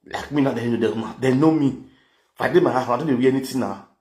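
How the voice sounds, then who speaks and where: An angry vlogger with a Nigerian accent rants at a quick pace, his medium-pitched voice carrying a darkish tone as he scolds and hurls insults. The room is echoey, with faint noise in the background.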